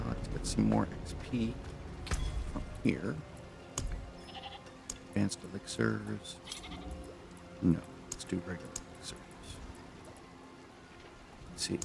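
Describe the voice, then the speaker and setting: A man's voice: on the low side, takes it slowly, gravelly, pauses often, over music. A man giving casual commentary while he plays a game, muttering to himself and then explaining things to his viewers. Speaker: gamer streamer.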